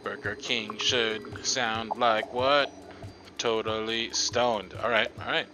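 A man's voice: fairly low pitch, steady tone, slow pace, poor audio. A young man streaming a video game, chatting along in a goofy, playful way with silly riffs and honking noises. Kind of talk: live game commentary. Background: game music.

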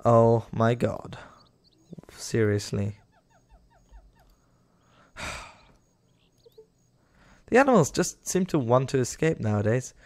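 Gravelly young man rambling over gameplay. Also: mid-range voice, expressive, takes it slowly, pauses often, darkish tone, no echo. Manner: rambling, talks to the game animals, easily exasperated. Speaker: gaming YouTuber. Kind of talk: casual gameplay commentary.

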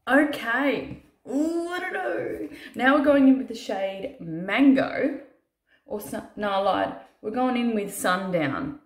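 A woman's voice: mid-range voice, lively intonation, takes it slowly. Tired, swearing woman in a roomy space. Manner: chatty, swears casually, self-mocking asides. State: tired from little sleep. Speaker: makeup artist doing a tutorial. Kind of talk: casual makeup tutorial chat. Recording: roomy echo.

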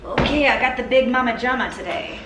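Speaking briskly in a voice on the high side, this cooking vlogger, a mother in her thirties, chats upbeatly with viewers while making food at home. The echoey kitchen recording is very noisy.

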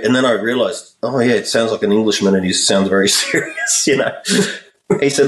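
A man with a lowish voice tells a long story in a relaxed interview, putting on the voices of the people in it. The sound is roomy, with echo, and he sits a little back from the mic. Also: brisk, far from the mic. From Australia. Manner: animated storyteller, acts out voices in his anecdotes. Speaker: guest musician.

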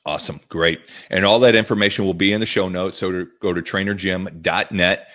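A man with a deep, low voice hosts a podcast in casual conversation. He talks upbeat and chatty, sprinkling in ums and restarts. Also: fairly even intonation, a little fast, fairly bright tone. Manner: upbeat, chatty, many fillers. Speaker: podcast host. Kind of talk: casual interview chat.

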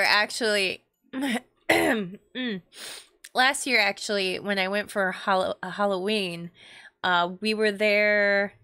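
A woman's voice: medium pitch, no echo. A young woman streamer talks to her chat in a loose, rambling way, full of "like" and "um." Her voice sits in a middle range and sounds close and dry, with no room around it. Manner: chatty, rambling, warm toward chat, many fillers. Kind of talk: casual stream chat with viewers.

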